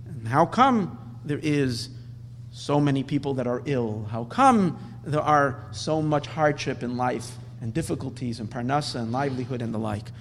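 A man's voice: mid-range voice, expressive, moderate pace, big-room sound, a little hiss or hum, lightly acted. A man voicing an indignant old male sage who defends simple villagers, in an impassioned, pleading way.

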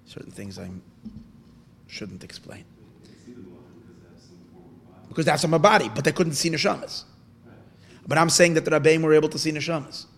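With a fairly high, slightly bright voice, a man tells a story to teach a Torah lesson. He often stops and starts over and answers his own questions, with a little hiss or hum in the recording.

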